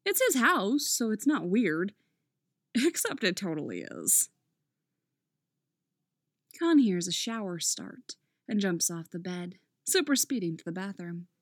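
A woman narrating a story aloud in an expressive, playful manner. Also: medium pitch, measured pace, pauses often, no echo, studio quality. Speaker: reader. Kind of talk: audiobook narration of fan fiction.

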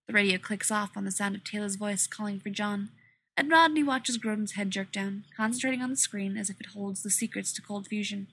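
A woman reading a story aloud in a steady, even narration. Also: mid-range voice, a little fast, breathy edge. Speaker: audiobook reader. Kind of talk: scripted narration.

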